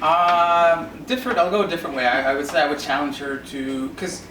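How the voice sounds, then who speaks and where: A man's voice: fairly high pitch, fairly even intonation, a little fast, bright, forceful tone. A man on a discussion panel giving earnest advice, often restarting his words. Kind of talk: casual panel chat. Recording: roomy, distant mic, noisy.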